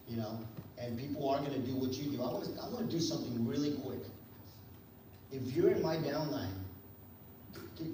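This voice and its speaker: Guy hyping up a crowd at a sales event, storytelling, far off in a big echoey hall w/ noise. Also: mid-range voice. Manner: energetic storytelling, many fillers. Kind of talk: motivational stage talk. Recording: echoey hall, distant mic, noisy.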